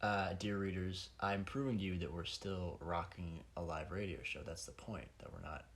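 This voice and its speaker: A man's voice: low-pitched, normal speed. A young man co-hosting a casual podcast, teasing and mock-serious. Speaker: podcast co-host. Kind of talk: casual banter.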